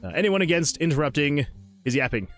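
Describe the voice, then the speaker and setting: Man, game dev livestreamer, casual rambling chat, self-deprecating, bit higher-pitched voice. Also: expressive, fast talker, soft background music. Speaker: game developer streamer.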